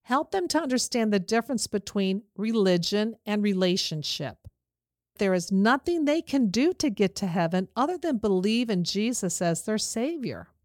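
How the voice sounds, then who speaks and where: A woman giving an earnest, steady religious lesson to parents, speaking in a plain instructive way. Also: mid-range voice, moderate pace, dry recording, studio quality. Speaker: Christian teacher for parents.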